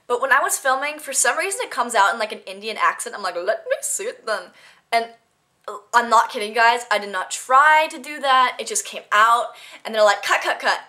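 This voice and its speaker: A teenage girl vlogs to her camera with no script, chatting and rambling through funny stories. Her voice is on the high side, expressive and sharp, delivered briskly with few pauses. She giggles now and then.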